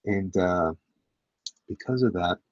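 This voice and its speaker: A man's voice: low voice, slow pace, no room sound, muffled recording. A man, a comic artist, chatting casually to his livestream audience while he draws, rambling and poking fun at himself. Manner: rambling and self-deprecating, talks to chat.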